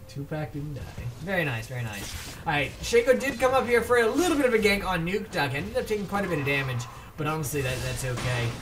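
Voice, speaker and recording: Man, high voice, solo game shoutcast, casual and rambling, trips over names, faint room noise. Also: sing-song, a little fast. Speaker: esports shoutcaster. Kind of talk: solo video game commentary.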